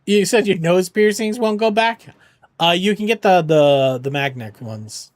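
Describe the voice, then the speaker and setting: A man's voice: sits high, lively intonation, unhurried, no room sound, clean studio sound. A man streaming games for charity, chatting with viewers in a joking, rambling, reassuring way. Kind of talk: casual chat with viewers.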